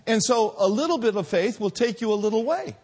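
Husky emphatic preacher man. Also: lively intonation. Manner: emphatic, swinging between loud drawn-out peaks and quiet low lines. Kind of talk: sermon.

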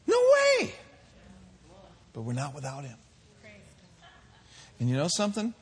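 A man preaching a sermon as pastor, swinging from soft, drawn-out lines to loud, shouted calls. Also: mid-range voice, lively intonation, gravelly, breathy edge.

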